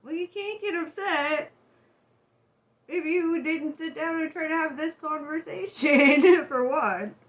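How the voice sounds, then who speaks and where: A woman giving a casual tarot reading to her viewers, chatty and animated, who laughs often and swears freely. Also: high voice, slow pace. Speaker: tarot reader.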